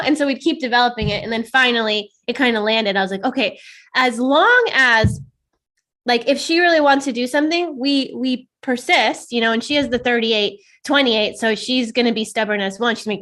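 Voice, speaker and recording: A woman co-hosting a casual chat, animated and quick to laugh, acting out quoted dialogue and swearing casually. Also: sits high. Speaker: podcast co-host.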